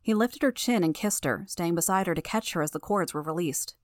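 A woman narrating an audiobook in the first person, with steady, measured storytelling. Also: on the low side, dry recording, studio quality.

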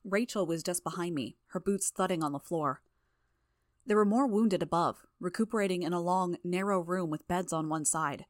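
Female audiobook narrator; low, steady first-person storytelling with a dry, close sound. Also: normal speed, dry recording.

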